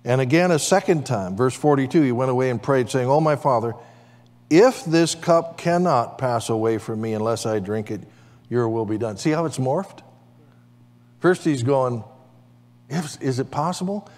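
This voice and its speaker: This sermon comes from a pastor whose medium-pitched, darkish voice moves with lively intonation at a normal speed. He calls out for amens, and the congregation answers back. The long reverb of the church sanctuary fills the recording.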